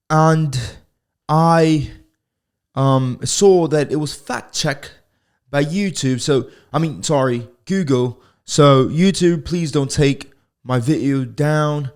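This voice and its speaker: An American man in a loose solo podcast, rambling and swearing as he jokes his way from one topic to the next. His voice has a gravelly edge at the bottom and sits at an ordinary middle pitch. He speaks alone at home into a podcast microphone. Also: expressive, takes it slowly, a little mellow. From United States. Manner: rambling, profane, joking. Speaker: podcast host. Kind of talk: casual solo podcast monologue.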